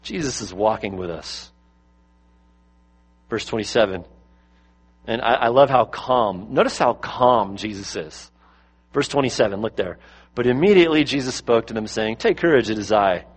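A male pastor delivering a sermon, swinging between louder, higher bursts and low, quiet passages, with lots of rhetorical questions. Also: expressive, moderate pace, long pauses, husky. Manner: rises and drops in pitch and loudness for emphasis, asks rhetorical questions.

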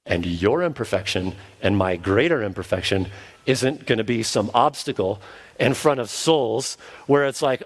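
A man's voice: lowish voice, expressive, moderate pace. A man, a pastor, preaching an earnest sermon and now and then acting out the voices of the people he quotes.

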